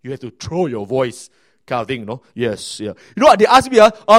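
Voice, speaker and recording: A man with a Malaysian English accent, a pastor telling stories in a sermon, chatty and animated with many fillers and restarts. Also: medium pitch, fairly quick. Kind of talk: sermon storytelling.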